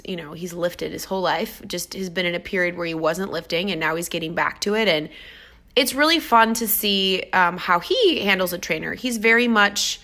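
A woman fitness trainer telling stories about her clients in a casual, enthusiastic vlog. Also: fairly low pitch. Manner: upbeat, enthusiastic, animated storytelling.

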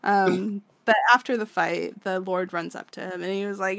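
A woman's voice: mid-range voice, steady tone, moderate pace, creaky, few pauses, a bit bright, no room sound. A woman co-hosting a podcast, recapping a manga in loose, profane casual chat and acting out the characters' lines. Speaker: podcast co-host.

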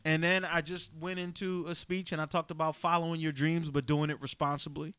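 Bright-voiced man telling stories. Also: fairly high pitch, brisk, smooth, no room sound. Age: late 30s. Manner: animated storyteller who acts out characters. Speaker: podcast co-host and comedian. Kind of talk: casual storytelling chat.

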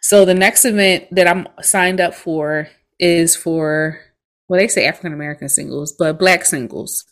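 A woman's voice: fairly low pitch, moderate pace. A woman in her thirties, a podcast co-host, telling a story in casual chat and laughing often.

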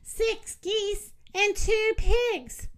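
A woman voicing a gossipy, excited duck in a children's storybook reading, eager and chattering. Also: very high-pitched, extremely slow, pitched above the performer's own voice, heavily acted.

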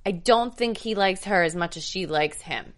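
A woman's voice: medium pitch, normal speed. Opinionated woman co-hosting a casual chat. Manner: opinionated, emphatic. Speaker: co-host of a reality TV recap show.

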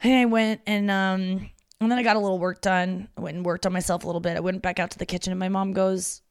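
A woman's voice: medium pitch, level tone, fast, clear, resonant tone, no room sound, studio quality. A young woman hosting a casual solo podcast, chatty and confessional, with lots of filler words. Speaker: podcast host. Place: her parents' house.

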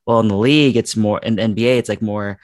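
A man's voice: lowish voice, fairly even intonation, quick pace, darkish tone, dry recording, studio quality. A man co-hosting a casual sports chat, enthusiastic and rambling with fillers.

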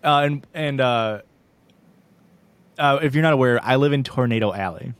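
A man's voice: medium pitch, normal speed, clear, resonant tone. A young man co-hosting a podcast, telling rambling, self-deprecating stories in casual chat and laughing often. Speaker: podcast co-host.

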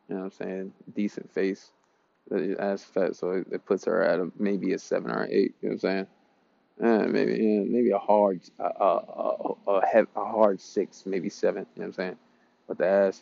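A man's voice: low voice, vocal fry, dark tone, lo-fi sound. A man giving dating advice in a casual, rambling monologue, blunt and profane as he tells stories.

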